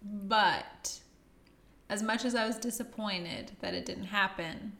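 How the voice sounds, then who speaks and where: A woman's voice: mid-range voice, takes it slowly, bright, forceful tone, echoey room. A woman co-hosting a casual movie review chat, laughing often and trailing off mid-sentence. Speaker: podcast co-host.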